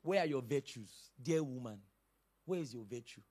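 A man's voice: mid-range voice, expressive, normal speed, a little mellow, slightly rough. A male pastor preaching a sermon in an emphatic, dramatic manner, with sudden outbursts.

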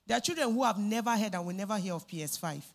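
A woman's voice: medium pitch, lively intonation, fast talker. Female preacher, emphatic sermon delivery with repeated phrases.

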